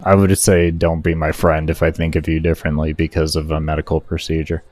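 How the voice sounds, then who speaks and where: Deep, mellow-voiced male gaming streamer. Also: fast, no room sound. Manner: swears heavily, rants and berates himself when frustrated; chats with viewers in a relaxed, rambling way. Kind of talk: casual live-stream chat while gaming.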